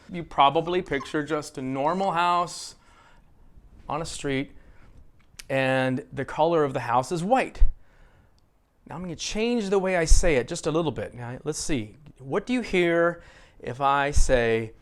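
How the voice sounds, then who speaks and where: A man's voice: fairly high pitch, big pitch swings. An American man teaching an English speaking lesson, asking questions and having students repeat phrases after him. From United States. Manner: explains slowly, asks questions, has students repeat phrases. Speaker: ESL teacher.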